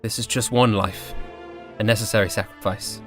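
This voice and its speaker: A man's voice: on the low side, fairly even intonation, moderate pace. Wry male storyteller over faint music. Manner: wry, dry humor with wordplay. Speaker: storyteller of a tabletop campaign epilogue. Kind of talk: scripted story narration.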